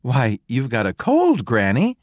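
Man voicing a little girl, innocent, chirpy, lively pitch, dry sound. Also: a little slow, dry recording. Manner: high, bright and chirpy.

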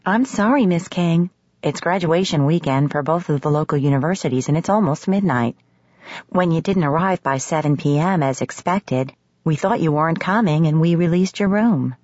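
A woman's voice: sits low, moderate pace, a little mellow, no echo. A woman voicing a nervous young male hotel clerk who speaks with formal politeness. The recording sounds slightly muffled. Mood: apologetic.

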